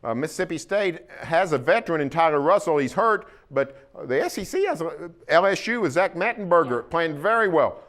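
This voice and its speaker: A man with an Oklahoma accent co-hosting a casual sports talk show, folksy and opinionated, with plenty of pauses. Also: fairly high pitch, lively intonation, a bit bright. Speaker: sports columnist co-host.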